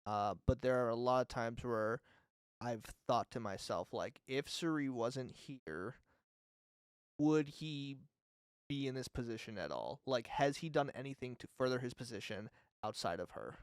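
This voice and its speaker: A man's voice: mid-range voice, expressive, moderate pace, clear, resonant tone, no room sound, clean studio sound. A man co-hosting a casual fan podcast, chatty and filler-heavy, laughing often. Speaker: podcast co-host.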